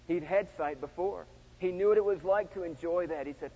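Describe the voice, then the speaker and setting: A man's voice: on the high side, fairly quick, slightly rough. Dynamic preacher man in a reverberant church. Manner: dynamic preaching, swings from loud shouts to hushed tones. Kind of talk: sermon. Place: large church sanctuary. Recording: dull sound with long hall reverb.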